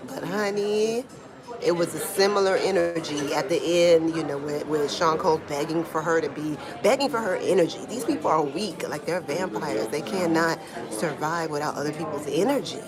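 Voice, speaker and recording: A woman giving casual live-stream commentary from home in Brazil, talking in a slangy, animated way and answering chat comments, with a small clip-on mic. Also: low-pitched, moderate pace, crowd noise. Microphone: small clip-on microphone being tested. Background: Brazilian music playing.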